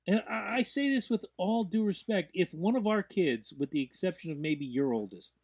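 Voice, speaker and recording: A man hosting a casual podcast, talking in an animated way and swearing freely. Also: high-pitched, moderate pace. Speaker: podcast host.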